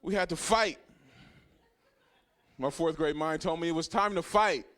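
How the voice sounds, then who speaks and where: A man in his thirties doing a stand-up comedy set, telling a profane story that swings from hushed asides to loud punchlines. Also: a little high, unhurried. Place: comedy club stage.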